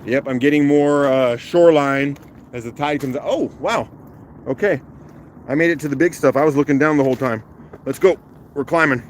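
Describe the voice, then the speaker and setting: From a rocky shoreline, a man streams live on a phone held in one hand, chatting easily, laughing and greeting viewers by name. His voice is a little high and a little rough from the morning, at a normal speed. Slight background noise and faint waterside ambience come through.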